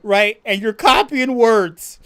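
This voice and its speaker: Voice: medium pitch, slow, clean tone. A livestream host chatting casually, reading viewer comments and ranting with lots of swearing and laughter. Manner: profane, laughing, animated rant.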